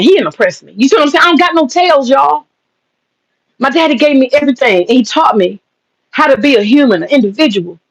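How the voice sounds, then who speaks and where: Brief: woman streamer, higher-pitched voice, slangy and sarcastic, swears freely, laughs a lot. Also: poor audio. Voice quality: sarcastic, profane, laughs often. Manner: casual slangy talk, drawn-out mock pleading. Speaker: livestream host and businesswoman. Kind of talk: livestream chat reading comments.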